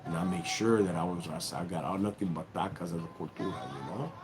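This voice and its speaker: Music plays behind a deep-voiced, fast-talking middle-aged man hosting a casual livestream. He's from Southern California, has a Chicano English accent, and uses street slang, addressing viewers as "homie" and "dog."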